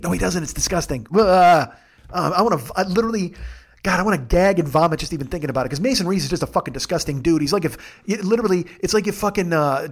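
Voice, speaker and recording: A man hosting a comedy podcast, delivering a rambling, profane monologue full of absurd, self-mocking tangents. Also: fairly high pitch. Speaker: podcast host.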